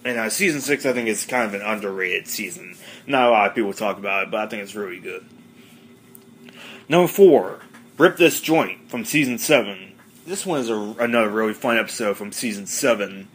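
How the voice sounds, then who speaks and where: A man's voice: lowish voice, animated, brisk, a bit bright, a little hiss or hum. A man hosting a casual podcast monologue, rambling with many fillers. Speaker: podcast host.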